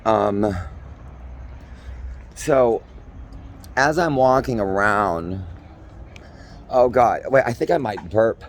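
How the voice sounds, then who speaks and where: Here the forties-aged vlogger from Minnesota talks very slowly, leaving long pauses, in a low-leaning voice with slight background noise. He's out on city streets, improvising a rambling, theatrical, campy comedy monologue.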